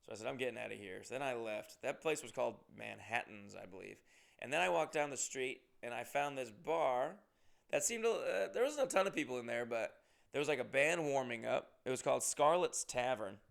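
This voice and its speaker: A man in his twenties or thirties tells a tour story in a relaxed, rambling monologue. His voice has a gravelly rasp and sits at an average pitch. He swears freely and gets suddenly loud on the punchlines. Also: moderate pace. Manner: profane, animated, with bursts of loud emphasis. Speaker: comedian on tour.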